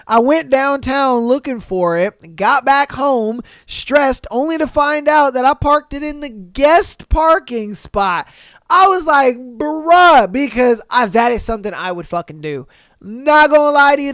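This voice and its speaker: Man, podcast host, casual reading of posts, animated reactions, crisp voice, dry booth. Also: very high-pitched, no room sound. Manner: animated, swearing, acting out reactions.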